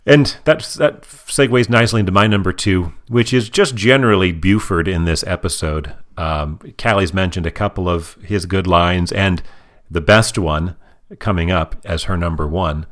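A man's voice: low-pitched, moderate pace, fairly bright tone. A man co-hosting a podcast, chatting casually and explaining jokes in a dry way. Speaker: podcast co-host. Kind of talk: casual chat.

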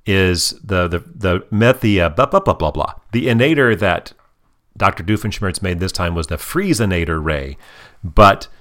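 A man hosting a casual chat, recapping an episode with playful, animated storytelling. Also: low voice, moderate pace. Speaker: podcast host.

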